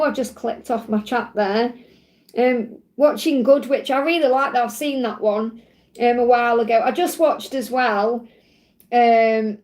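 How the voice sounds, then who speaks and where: An English woman hosting a live stream, chatting casually and quickly, rambling with lots of fillers as she reads the chat. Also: a little high, a little mellow. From England. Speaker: livestream host.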